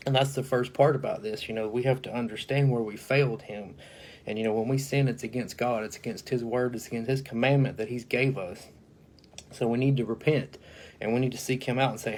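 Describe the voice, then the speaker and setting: A man's voice: mid-range voice, steady tone, fairly quick, darkish tone. A man giving an informal Bible teaching, talking conversationally with frequent fillers and reading scripture aloud. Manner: conversational, many "you know" fillers, reads scripture aloud. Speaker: preacher.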